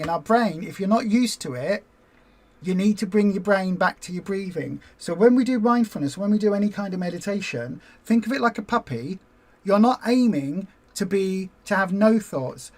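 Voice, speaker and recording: Hosting a livestream for a weight-loss group, this woman talks in a mid-range voice. Her style is relaxed and rambling, punctuated by animated little performances.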